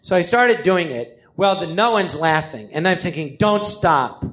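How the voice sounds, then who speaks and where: A man's voice: sits high, unhurried. A man in his fifties from California, telling a live story on a theater stage with lots of swearing, acting out the people he quotes. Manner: animated, profane, acts out the people he quotes.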